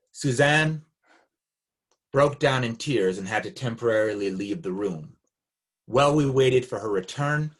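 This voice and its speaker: A man with a slightly husky voice of middling pitch gives an academic seminar talk. He reads from his paper in a calm, measured and reflective way. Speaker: academic speaker. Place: Canada.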